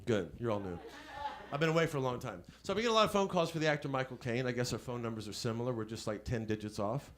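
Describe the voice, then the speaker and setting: A male stand-up comedian on a comedy club stage, rambling with quick self-deprecating asides. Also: medium pitch, animated, noisy background. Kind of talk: stand-up set.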